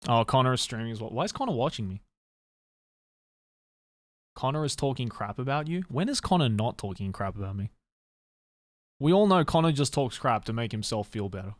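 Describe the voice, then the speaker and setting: A man's voice: mid-range voice, expressive, fairly quick, long pauses, no echo. An Australian man streaming and chatting casually, rambling with lots of fillers and restarts. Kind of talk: casual livestream chat.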